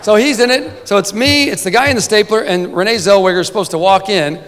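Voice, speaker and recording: Higher-voiced man telling jokes at a banquet podium. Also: fast, fairly bright tone, a little hiss or hum. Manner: chatty comic storytelling, frequent "right?" asides. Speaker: sportswriter giving an award speech. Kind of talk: humorous banquet speech. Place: banquet hall. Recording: long banquet-hall reverb.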